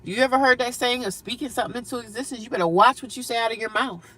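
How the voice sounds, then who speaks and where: A woman chatting on a phone live stream from her car, reading comments out loud. She answers trolls bluntly and sarcastically in a bright, forward voice. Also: a little high, racing. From United States. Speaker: livestreamer reading viewer comments. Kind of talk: casual live-stream chat.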